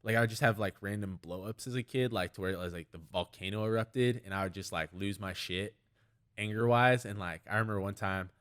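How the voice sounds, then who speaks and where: A man, an MMA fighter and trainer, talking as a podcast guest in a rambling, storytelling way full of "like" fillers. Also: sits low. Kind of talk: casual podcast conversation.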